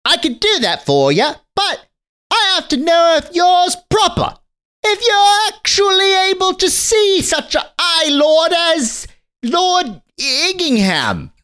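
Guy putting on a super high squeaky snooty little boy, talks down to everyone. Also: sing-song, slow pace, pushed and bright, heavily acted. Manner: haughty, squeaky, condescending. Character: small well-dressed snooty boy butler. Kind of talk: comedic improvised voice.

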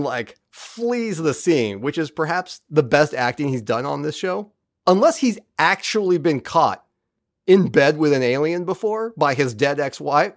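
With a voice on the high side, a podcast co-host recaps an episode casually, performing the characters' lines with animation along the way. The audio is studio quality, with no room sound.

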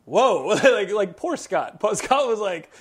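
A male podcast host chatting casually into a studio mic. His talk is animated storytelling, loose and full of fillers and laughs. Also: sits high, measured pace, slightly rough. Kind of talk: casual chat.

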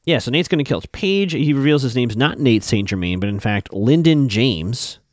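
A man's voice: mid-range voice, very animated, fairly quick, no room sound, studio quality. A man casually recapping a TV episode, chatting to viewers he calls folks.

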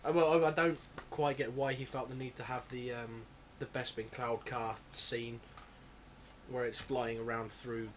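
A man chatting casually about films as a podcast co-host, opinionated and quick to correct others. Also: mid-range voice, steady tone, slight background noise. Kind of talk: casual film chat.

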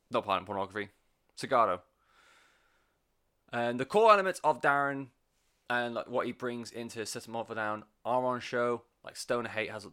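A man talks through an album in a loose, rambling way, full of fillers and cheerful swearing. His voice sits a little low but sounds bright and forceful. He gets audibly excited about what he loves. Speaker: album reviewer. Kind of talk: casual spoken music review.

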